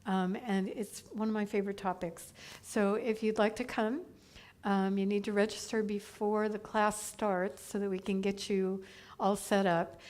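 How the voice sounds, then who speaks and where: A woman's voice: mid-range voice, level tone, normal speed, a little mellow. Chatty middle-aged lady minister doing sunday announcements, upbeat, laughing along. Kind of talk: church announcements.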